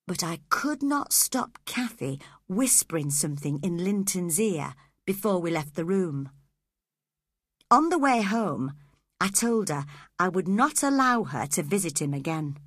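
A woman narrating a storybook in a measured, expressive way, close to the microphone. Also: fairly low pitch, husky, no echo.

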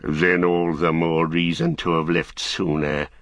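A man's voice: deep voice, level tone, fairly bright tone, no echo, clean studio sound. Saruman, a man doing a sneering old wizard. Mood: scornful. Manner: slow, sneering, mocking. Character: bitter fallen old male wizard, scornful.

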